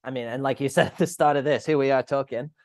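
A man's voice: medium pitch, fairly even intonation, quick pace, no echo. A man with an Australian accent, a podcast guest chatting casually over a call, rambling and swearing as he restarts his sentences.

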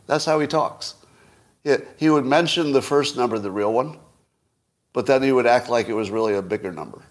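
A man's voice: mid-range voice, expressive, moderate pace. A man hosting his own podcast, giving solo political commentary in a wry, skeptical way, full of rhetorical questions and dry chuckles. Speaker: podcast host.

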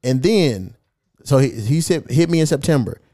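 A man's voice: a little high, moderate pace. A man hosting a casual podcast, telling a profane story, reading old text messages aloud and mocking the sender. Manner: animated, mocking. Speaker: podcast host.

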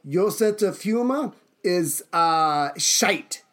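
Man putting on a pompous dictator, explosive, mock German accent, raised pitch. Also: animated, slow pace, fairly bright tone, exaggerated voice. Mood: scornful.

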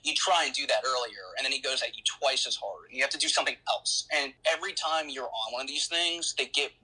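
A man's voice: mid-range voice, fast talker, bright, forceful tone, slightly rough, low-quality recording. A man as an interview guest, telling his story conversationally with many fillers and restarts.

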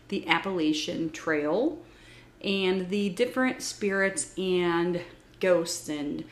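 A woman hosting a casual podcast, chatting with her co-host and reading facts from her notes. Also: fairly low pitch. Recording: echoey room.

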